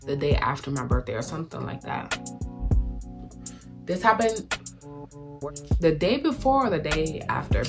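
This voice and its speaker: A young woman telling a personal story in candid, profane casual talk, acting out other people's lines. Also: sits low. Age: young adult. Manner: candid, profane, quotes people in raised voices. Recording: music playing loudly behind.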